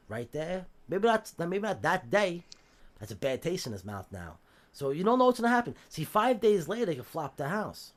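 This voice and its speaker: This podcast guest, a New York man, spins casual jailhouse tales with plenty of swearing, doing the voices of everyone he quotes. He talks briskly in a fairly high, sing-song voice.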